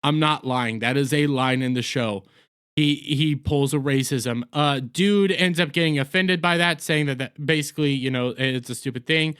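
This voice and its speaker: A man's voice: mid-range voice, moderate pace, a bit bright, clear, resonant tone. A man giving a blunt, sarcastic, rambling rant as a video reviewer, full of crude words and restarts. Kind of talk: ranting TV review.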